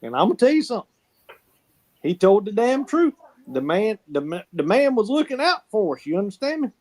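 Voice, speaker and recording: Man, southern accent, folksy storyteller, slightly high voice, casual chat. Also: very animated, a little fast. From South Carolina. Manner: folksy, drawling, repeats words.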